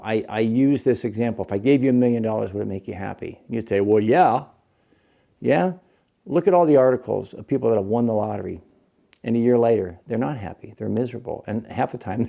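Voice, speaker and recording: A middle-aged man with a gravelly, dark voice talks casually to the camera. He hosts his own show as a physician and keeps putting questions to the viewer. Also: on the low side. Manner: conversational, asks the viewer questions.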